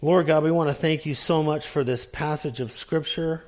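A male pastor preaching a sermon, emphatic, dropping to quiet low lines for emphasis before a communion prayer. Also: fairly even intonation, moderate pace.

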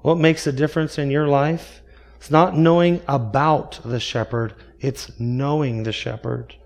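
A man's voice: mid-range voice, steady tone, unhurried, vocal fry. A man preaching a sermon as pastor, earnest and full of rhetorical questions.

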